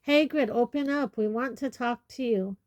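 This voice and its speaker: A determined teenage boy wizard, read by a woman, talks in a firm, steady way. Her tone stays mellow and dark in a dry, close recording. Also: medium pitch, unhurried, no echo, close to an everyday voice.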